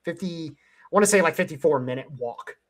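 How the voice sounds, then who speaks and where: A man's voice: fairly high pitch, expressive, brisk. A man hosting a casual panel chat, telling stories in a rambling way, swearing often and laughing a lot, speaking into a headset. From Cleveland area, USA. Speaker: host.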